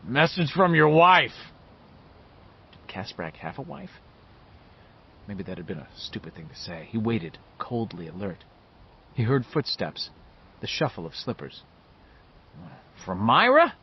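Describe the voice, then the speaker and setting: Man reading an audiobook, lively delivery, husky voice, kinda dull lo-fi sound. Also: sits low, normal speed, long pauses. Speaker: audiobook narrator. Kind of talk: scripted narration.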